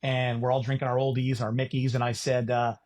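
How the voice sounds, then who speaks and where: A man in his fifties from California, an animated podcast guest telling stories, acting out quotes and swearing casually. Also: medium pitch, fairly quick. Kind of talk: casual storytelling chat.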